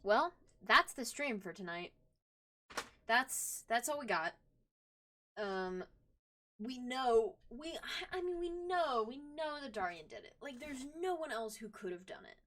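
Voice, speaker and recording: A woman's voice: fairly high pitch, animated, unhurried, fairly bright tone. Fired-up woman streamer swearing at a game. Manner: emotional, swears, thinks aloud. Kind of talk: casual let's-play commentary. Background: game music.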